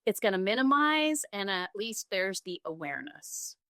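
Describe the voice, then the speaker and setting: A middle-aged woman, a yoga teacher and bodyworker, guesting on a podcast and telling stories in an animated way. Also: mid-range voice, moderate pace, dry recording, clean studio sound. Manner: animated storytelling, acts out quoted clients. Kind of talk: casual conversational interview.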